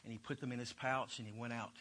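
A man's voice: mid-range voice, little pitch movement, quick pace, bright, forceful tone, a little hiss or hum. A man teaching a Bible lesson, retelling scripture in loose everyday talk.

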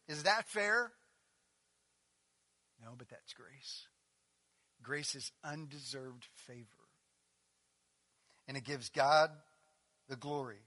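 A man preaching a sermon in a high, bright voice. He drops to a near hush, then builds to loud, emphatic peaks. When he quotes others, he slips into a casual, animated way of talking. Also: measured pace, long pauses. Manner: swings from hushed intensity to loud, emphatic preaching. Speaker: pastor.

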